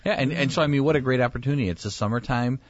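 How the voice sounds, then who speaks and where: A man's voice: mid-range voice, very fast, dry recording, highs cut off. A male pastor chatting casually, telling stories and acting out the people in them. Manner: animated storyteller, acts out quoted voices. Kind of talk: casual chat.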